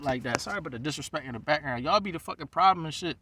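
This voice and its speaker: A man's voice: on the high side, expressive, fast talker, hardly any pauses, a bit bright, far from the mic, faint music behind. A man who is a rabbi, venting in a heated, profane monologue. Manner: heated, ranting, heavy swearing.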